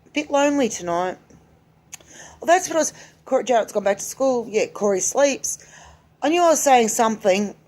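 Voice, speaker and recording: A vlogger in her forties talks alone to her camera in a loose, rambling chat, often breaking off mid-thought to start again, candid and with an easy lilt. Her voice is fairly high, expressive and a little mellow, at normal speed with long pauses.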